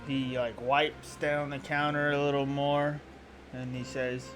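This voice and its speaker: A man running a tabletop game, narrating at a slow, unhurried pace. He often stumbles and restarts his sentences as he goes. Music plays clearly behind him. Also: medium pitch, little pitch movement, fairly bright tone. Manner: slow, halting narration with self-corrections. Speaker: game master. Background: background music.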